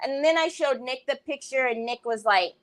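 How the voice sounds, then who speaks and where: A woman hosting a craft livestream from home, chatting casually with live viewers, greeting them by name and breaking into loud laughs and exclamations. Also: high-pitched, normal speed, rough recording.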